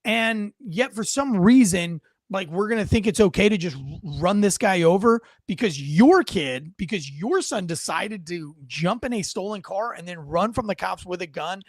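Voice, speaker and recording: A young man co-hosting a podcast, talking in an animated, emphatic way and reading comments aloud. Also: sits high, moderate pace, few pauses, no room sound. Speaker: podcast co-host. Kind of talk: casual opinion chat.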